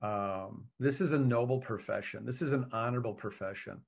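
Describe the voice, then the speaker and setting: A man in law enforcement answering interview questions in an earnest, measured way. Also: medium pitch, creaky, slightly rough. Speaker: law enforcement officer, guest.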